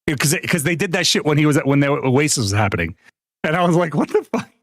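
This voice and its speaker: A man's voice: fairly high pitch, fast, dry recording, clean studio sound. A man on a live stream telling gaming stories in casual chat, swearing often and laughing between lines. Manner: animated storytelling, swearing, frequent laughter.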